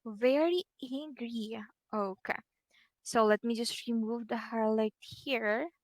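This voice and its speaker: A woman's voice: on the high side, no echo. Patient Filipino woman tutoring online. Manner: slow, patient, drawn-out teacher talk with frequent okays. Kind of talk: one-on-one ESL lesson.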